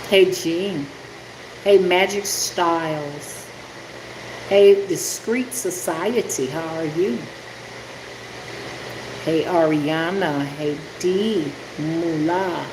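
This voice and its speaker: An older woman talks casually on a live stream, calling out viewers by name and chatting as she works at home. Her voice carries a roomy echo, and the steady hum of an air conditioner sits clearly underneath. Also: on the low side, extremely slow, long pauses. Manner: chatty, greets viewers by name while working with her hands. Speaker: rootworker hosting a livestream. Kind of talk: casual livestream chat greeting viewers. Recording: echoey room with air conditioning noise.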